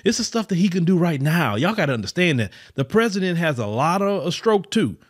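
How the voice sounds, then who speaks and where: A man delivers fervent podcast commentary in a fairly high voice. His pitch swings widely as he hammers his points home. He repeats phrases and speaks straight to his listeners as y'all. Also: sing-song, brisk. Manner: preachy, repetitive, addresses listeners as y'all; mocks others in high put-on voices. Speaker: podcast host. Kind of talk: impassioned political commentary.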